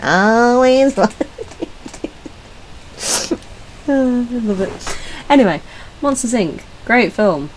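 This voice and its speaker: A young woman from Britain chats casually through a ranking video, jumping between thoughts, swearing and laughing. Her medium-pitched voice swings widely up and down, with sudden squeaky voice stims. A faint hiss sits behind her. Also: a little mellow, low-quality recording. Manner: chatty and scattered, swearing, laughing and trailing off. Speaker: video host. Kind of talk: casual solo ranking chat.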